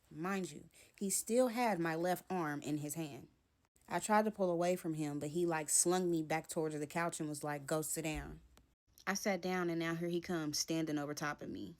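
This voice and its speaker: A woman's voice: on the low side, fairly bright tone. A young woman telling a personal story to camera, animatedly acting out both sides of an argument. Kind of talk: storytime vlog.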